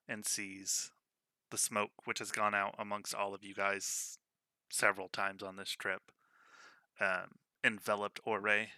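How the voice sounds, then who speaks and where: A man narrating as game master of a tabletop role-playing game in a calm, measured way. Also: fairly low pitch, gravelly, no room sound.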